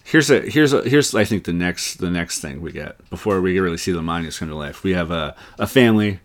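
A man's voice: low-pitched, expressive. A man co-hosting a comedy podcast, riffing playfully and laughing often as he brainstorms. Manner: playful, laughs often, puts on quick silly voices. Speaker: podcast co-host. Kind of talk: casual comedic brainstorm chat.

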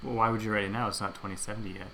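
A man co-hosting a comedy podcast, earnestly pitching absurd ideas with a straight face. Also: fairly even intonation, very fast, creaky, a loud crowd. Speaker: podcast co-host. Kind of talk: comedic banter.

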